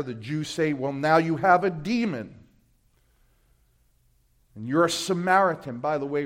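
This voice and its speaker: A male pastor from Brooklyn with a New York accent, preaching a sermon, swinging between loud emphatic scripture readings and low quiet asides.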